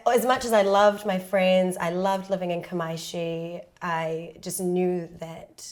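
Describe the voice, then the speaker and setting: A young woman on a panel, chatting casually and telling lively stories about growing up abroad, acting out quoted voices. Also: fairly low pitch, unhurried. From Tongan South African, raised partly in Japan. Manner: animated storytelling, acting out quoted voices with laughs.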